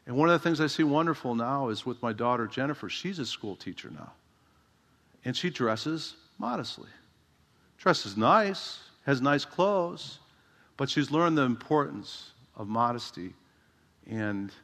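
Middle-aged pastor preaching in a reverberant hall. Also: male voice, medium pitch, fairly bright tone. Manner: conversational and direct, with rhetorical questions. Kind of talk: sermon.

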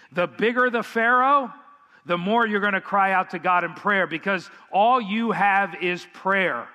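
A man's voice: sits high, bright, forceful tone, in a large hall. A man preaching an emphatic sermon as pastor, asking the congregation questions and answering them.

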